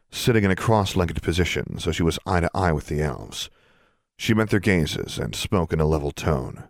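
A man narrating an audiobook in an even, measured storytelling manner. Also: sits low, no echo, clean studio sound.

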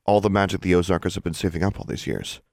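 A man voicing a frank, sharp-tongued teenage witch, barely lifted from his own low, deep voice. The audiobook read is dry and close. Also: fairly even intonation, fast, creaky, no room sound. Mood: thoughtful. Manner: blunt and frank.

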